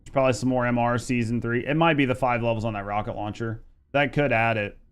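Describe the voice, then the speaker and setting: This fast-talking man, in his thirties and from Indiana, has a clean, medium-pitched voice with fairly even intonation and a Midwestern American accent. On his live game stream he chats in a laid-back, rambling way and curses freely.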